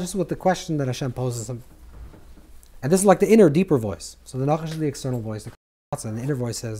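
A man teaching a Kabbalah lesson to a live group, animated, repeating words as he searches for phrasing and acting out scripture dialogue. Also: fast. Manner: acts out scripture dialogue with swings in pitch and volume.

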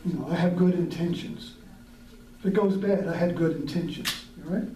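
A man with a high, soft-edged voice talks through spiritual ideas in a relaxed, wandering way, often breaking into small chuckles. He sits back from the microphone, so the room rings around his words. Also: moderate pace, a little hiss or hum. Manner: reflective, rambling, chuckles often. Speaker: podcast host. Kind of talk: casual spiritual talk. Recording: roomy sound from a distant mic.

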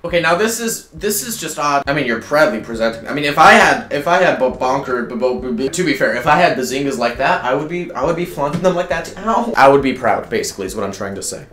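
A man's voice: medium pitch, expressive, fast, hardly any pauses, fairly bright tone, close to an everyday voice. A man voicing a flustered, newly divorced mother searching for her son, rambling and breaking into shrieks. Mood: frantic. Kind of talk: comedic role-play over gameplay. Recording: roomy sound with game music.

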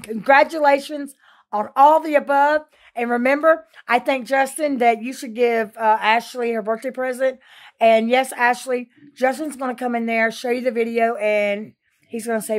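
A woman giving a bawdy, joking birthday shout-out. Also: a little high, moderate pace.

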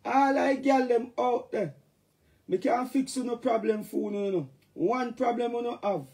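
A Jamaican man chatting loosely on a live stream, his voice sitting high for a man. He rambles and jumps between topics, now and then bursting into loud catchphrases. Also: a little slow, gravelly. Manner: rambling, playful, shouts catchphrases. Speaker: dancehall artist talking to fans. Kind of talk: casual live-stream chat.

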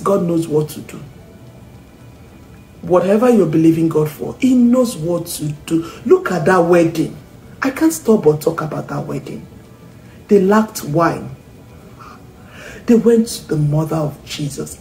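Woman, devotional speaker, earnest emphatic delivery, warm tone, reverberant room. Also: fairly low pitch, lively intonation, moderate pace, a little hiss or hum. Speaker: Christian speaker. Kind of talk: devotional message. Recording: roomy echo with faint ambience.

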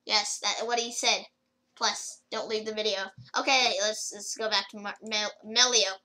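A woman's voice: medium pitch, steady tone, moderate pace, bright, forceful tone, low-quality recording. A woman rambling casually through a gameplay video, with lots of fillers and restarts as she comments. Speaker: gaming video creator.

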